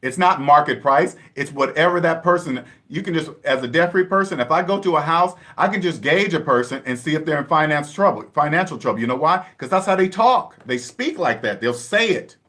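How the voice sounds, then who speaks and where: A man's voice: fairly high pitch, animated, fairly quick, hardly any pauses, fairly bright tone. A man from the Seattle area giving an emphatic, repetitive money lecture in a casual vlog monologue. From Seattle area, USA. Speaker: personal finance vlogger.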